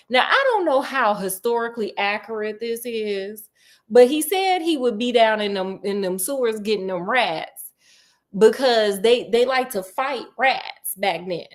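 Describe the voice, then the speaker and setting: A woman casually retelling a children's book, chatty and animated with slangy, playful asides. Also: a little high. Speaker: storyteller.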